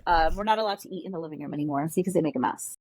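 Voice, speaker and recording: A woman's voice: deep voice, rapid-fire, darkish tone, dry recording. A woman in her thirties, a guest on a podcast, talking casually and bluntly and acting out her kids' lines. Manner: candid, blunt, quotes her kids in dialogue.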